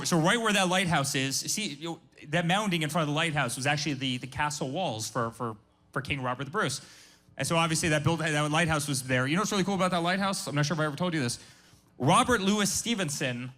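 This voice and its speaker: A man's voice: on the high side, bright, forceful tone. Emphatic man speaking with passion. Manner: emphatic, passionate, repeats words. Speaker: guest business founder. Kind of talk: live business workshop talk.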